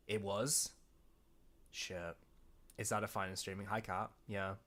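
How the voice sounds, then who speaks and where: Casual streamer, English man, northern-southern accent mix, self-mocking, lowish voice. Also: a bit bright. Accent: mixed northern and southern English. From England. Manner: laughing, self-mocking, sweary. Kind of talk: casual reaction commentary.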